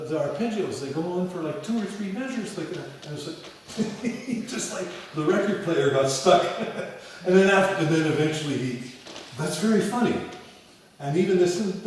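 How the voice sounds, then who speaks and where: A man teaching piano in a lecture and demo lesson before an audience, talking in an animated way and singing phrases as da da da. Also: a little high, normal speed, a little hiss or hum. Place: large echoey hall with an audience. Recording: echoey hall from far off. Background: piano playing.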